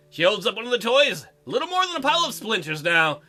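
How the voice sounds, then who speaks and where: A man's voice: high-pitched, sing-song, fast, bright, forceful tone, faint music behind. A man hosting a visual novel playthrough, narrating the text with crude, joking asides. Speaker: let's play host.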